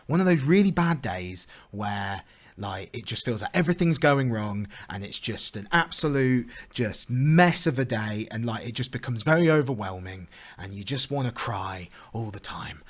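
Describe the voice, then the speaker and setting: A man's voice: mid-range voice, animated, moderate pace. A young British man giving a lightning talk, chatty and self-deprecating, with lots of filler words. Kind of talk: storytelling conference talk.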